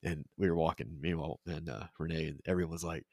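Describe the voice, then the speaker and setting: A man with a very deep voice co-hosting a casual podcast. He laughs often and bursts into loud impressions of movie lines. The recording is dry and close-miked. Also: steady tone, quick pace, dry recording. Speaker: podcast co-host. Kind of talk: casual chat.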